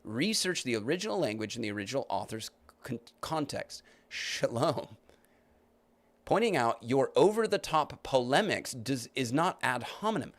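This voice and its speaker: A man's voice: mid-range voice, very animated, moderate pace. A man hosting a podcast, arguing his point and rebutting comments he reads aloud, with many restarts. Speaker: podcast host. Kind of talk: live-stream commentary reading comments.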